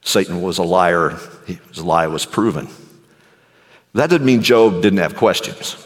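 Male pastor, animated sermon delivery, hushed to booming, recorded in a long-reverb hall. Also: unhurried. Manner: animated storytelling, swinging from hushed low to loud high.

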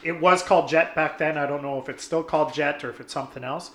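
A young man telling a story in casual chat, animated and swearing, acting out his friends' lines. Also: a little high, fast, roomy sound, a little hiss or hum.

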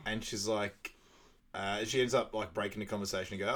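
A man co-hosting a podcast, casually recapping a film in a relaxed, rambling way. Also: lowish voice, fairly quick. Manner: relaxed, rambling retelling with fillers. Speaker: podcast co-host.

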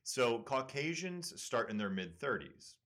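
A man's voice: mid-range voice, sing-song, measured pace, fairly bright tone. A man with a Midwestern American accent, a surgeon hosting a casual medical talk show and explaining studies with fillers. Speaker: surgeon and podcast host.

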